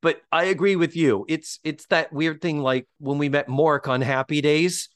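A man hosting a podcast in casual chat, animated and swearing freely as he acts out quotes. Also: on the high side, normal speed, clear, resonant tone, dry recording, clean studio sound. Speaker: podcast host.

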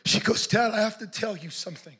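High-voiced man preaching with rising passion. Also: fairly quick, husky. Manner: passionate, builds to shouting. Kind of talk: sermon storytelling.

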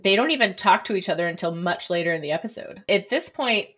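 A woman co-hosting a casual podcast, wry and quick to laugh. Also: mid-range voice, expressive, fairly bright tone. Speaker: podcast co-host. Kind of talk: casual chat.

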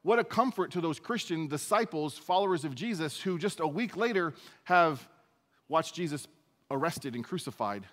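A man's voice: a little high, lively intonation, normal speed, fairly bright tone, big-room sound. A male pastor preaching a sermon in a conversational, self-deprecating way. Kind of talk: sermon, verse-by-verse teaching.

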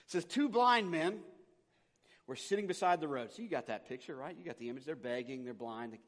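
A middle-aged man preaches as a pastor with a slightly raised, bright pitch, talking conversationally and swinging from loud emphasis to soft asides. His voice rings out with a long reverb tail, as in a large hall. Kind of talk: sermon.

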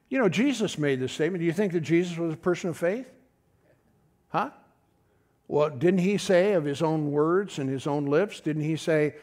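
Folksy high-voiced male preacher. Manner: folksy, conversational, calls out to congregation. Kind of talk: sermon.

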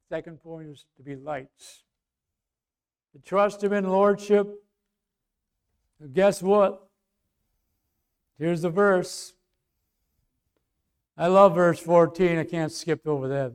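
A man preaches a sermon in a high voice, taking his time with each phrase. He talks to the congregation like he's chatting with them and throws them questions. He drops to soft asides, then rises to loud emphasis. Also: clean tone. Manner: conversational preaching that swings from quiet to loud.

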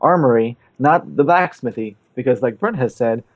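A man's voice: mid-range voice, animated, no room sound. A man chatting on a podcast, recapping a game in a loose, rambling way with plenty of swearing. His voice sits in the middle range. It is recorded close and dry, with no room sound. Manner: rambling, profane, does quick character voices in quotes. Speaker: podcast co-host. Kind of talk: casual chat, retelling a game's story.

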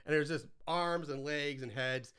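A man's voice: a little high, unhurried, a bit bright, smooth. A man co-hosting a casual chat, animatedly recapping a comedy film with frequent laughs.

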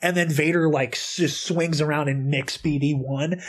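A man with a slightly raised voice chats excitably on a podcast, piling up fillers as he retells a game moment. His telling is animated and casual. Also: a little high, moderate pace. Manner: excitable, storytelling with lots of fillers. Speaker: podcast co-host. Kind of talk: casual podcast chat about video games.

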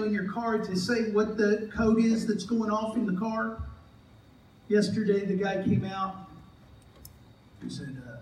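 Recorded from a distance in an echoey church sanctuary with slight background noise, a man with a high, slightly mellow voice preaches as a pastor. His sermon is joking and conversational, and he acts out the voices of people he quotes.

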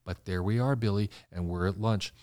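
A man, a designer guest in an interview, telling stories in an animated way and acting out the voices of people he quotes. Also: lowish voice, normal speed, no room sound, studio quality. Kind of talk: conversational interview storytelling.

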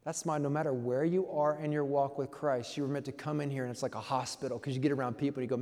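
A man's voice: mid-range voice, fairly even intonation, fast, hardly any pauses, darkish tone, in a large hall. A man pastor preaching a conversational sermon, telling stories in a playful way.

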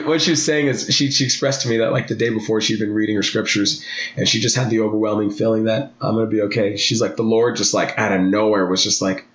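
A man in his thirties talking candidly as a podcast guest, earnest and animated, his voice jumping high for emphasis. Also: fairly quick, roomy sound, highs cut off.

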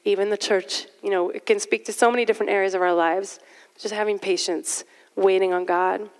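A woman's voice: medium pitch, fairly even intonation, fairly quick, clear, resonant tone. Woman preaching in a reverberant hall. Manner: conversational, self-deprecating asides. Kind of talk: sermon.

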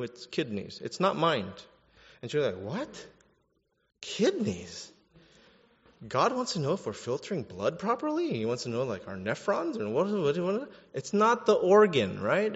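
A male pastor delivers an animated sermon, joking and swinging between hushed asides and loud outbursts. His voice sits at an everyday middle pitch. It rings through a hall with a long echo, and the recording sounds dull and muffled.

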